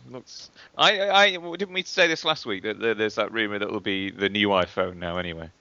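A man's voice: lowish voice, fairly quick, sharp tone, no echo. A man co-hosting a podcast with dry humor, often stammering at the start of sentences. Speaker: podcast co-host. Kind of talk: casual chat. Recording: dull dry podcast sound.

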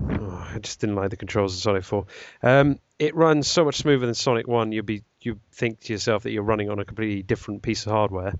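A fairly low-voiced man co-hosts a casual podcast, rambling and correcting himself while saying "um" a lot. The audio carries no room sound and is dull and slightly lo-fi.

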